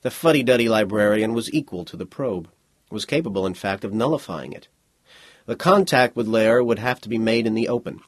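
A man reading a science fiction story aloud as a narrator, in a measured, even delivery. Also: fairly low pitch, no echo. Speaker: audiobook narrator.

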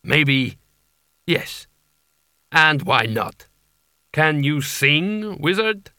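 A man voicing a menacing male slaver leader who drawls slowly and mockingly. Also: fairly high pitch, sing-song, pushed and bright, dry recording, clean studio sound, heavily acted.

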